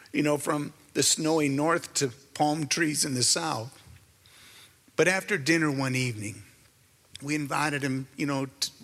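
Guy preaching, earnest emotional story, bright tense voice, big echoey hall. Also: fairly high pitch. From Canada. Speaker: minister. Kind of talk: sermon with personal testimony. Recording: hall with long reverb.

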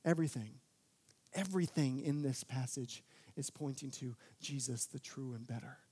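A young man preaching a sermon, talking casually, then building to loud, emphatic peaks. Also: medium pitch, moderate pace, husky. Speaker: pastor.

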